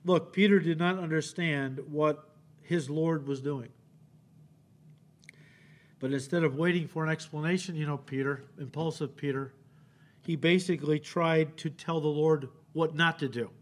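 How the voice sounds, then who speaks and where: A male pastor preaching an expository sermon in a church, animated and acting out the quotes he reads, often checking in with "okay?". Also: on the high side, moderate pace. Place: church sanctuary.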